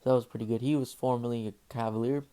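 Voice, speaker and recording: A young man hosts a casual, unscripted sports news rundown, talking rapid-fire in a warm, smooth, medium-pitched voice with a steady tone. He's slightly out of breath and hesitant, full of fillers and self-corrections.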